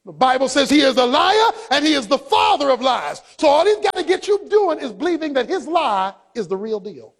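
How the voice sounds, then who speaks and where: A man preaching a sermon, swinging between loud shouted passages and quiet, low asides. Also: very animated, fairly quick, few pauses. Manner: preaching, rising to shouts then dropping low. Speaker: pastor. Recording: long hall reverb.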